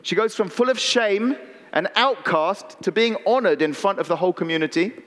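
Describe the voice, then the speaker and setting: A man's voice: high-pitched, moderate pace, fairly bright tone. A man preaching a sermon in a conversational way, with playful asides and calls to the congregation. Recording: long reverb in a large hall.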